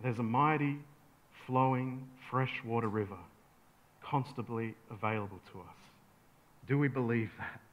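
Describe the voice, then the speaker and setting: Earnest preacher with a bright voice. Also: male voice, mid-range voice. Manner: earnest, builds to emphatic peaks then drops soft. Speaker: pastor. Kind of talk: sermon.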